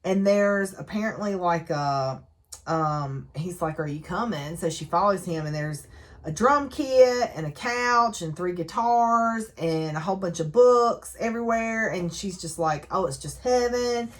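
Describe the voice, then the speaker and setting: A woman's voice: lowish voice, measured pace. Chatty woman recapping a book. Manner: chatty, gushing, quotes characters in passing. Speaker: book reviewer.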